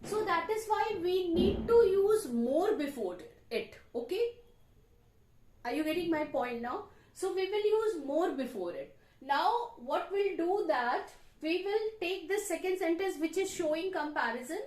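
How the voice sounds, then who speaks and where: A woman English teacher with an Indian English accent, explaining grammar slowly at a board and repeating her examples. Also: extremely high pitch, lively intonation, darkish tone, roomy sound. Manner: explains slowly, repeats examples, frequent "you know" and "okay". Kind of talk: classroom grammar lesson. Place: classroom with a board.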